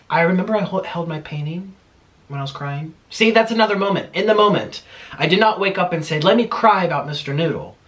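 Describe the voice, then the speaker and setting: A young mukbang vlogger chats casually at home while eating, animated and talkative, and he swears when he gets heated. His voice is fairly high-pitched.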